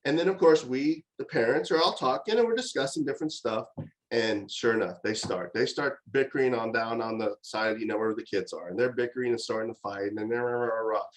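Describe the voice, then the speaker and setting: A middle-aged man giving a conversational university lecture on parenting, telling stories in an animated way with frequent fillers and restarts. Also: medium pitch, low-quality recording.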